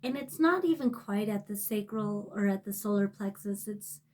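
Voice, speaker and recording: A woman's voice: medium pitch, lively intonation, moderate pace, slight background noise. Emotional, swearing woman tarot reader. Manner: emotional, rambling, swears freely, often drops to a soft near-whisper. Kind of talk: casual tarot reading to camera.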